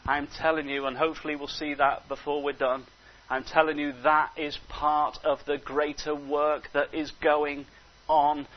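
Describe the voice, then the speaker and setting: A man preaching a sermon, animated, moving between hushed asides and emphatic exhortation. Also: fairly high pitch. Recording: dull lo-fi recording.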